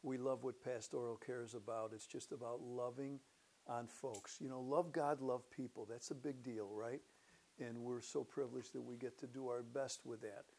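An older man speaking as a church pastor, with a mid-pitched voice that sits right in the ordinary range for a man. He talks in an easy, chatty way with casual fillers. As he tells his personal testimony he grows more animated and vivid. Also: normal speed, vocal fry. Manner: relaxed conversational, warming into animated storytelling.

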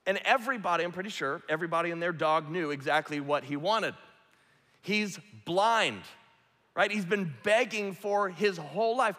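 A man's voice: sits high, expressive, measured pace, sharp tone. Earnest male preacher in a reverberant hall. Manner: earnest, vivid retelling with acted quotes. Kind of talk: sermon storytelling.

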